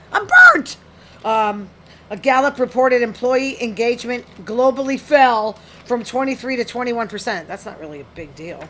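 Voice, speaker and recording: A woman's voice: on the high side, a little hiss or hum. A woman hosting a solo talk show, reading study findings aloud and reacting to them bluntly and frankly. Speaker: podcast host. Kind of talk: casual solo commentary reading news.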